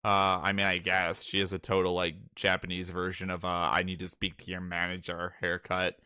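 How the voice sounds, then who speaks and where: A young podcast co-host reads manga chapters aloud in casual chat, talking a little fast in a loose, profane, excitable rush. His slightly low voice is bright, cutting and clean, recorded dry and close with no room sound, and he breaks into mocking character voices when worked up.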